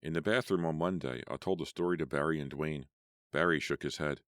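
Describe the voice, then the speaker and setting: Brief: male audiobook reader, extremely low voice, dry close sound, measured telling. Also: no room sound. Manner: measured storytelling. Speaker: audiobook narrator. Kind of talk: first-person horror audiobook narration.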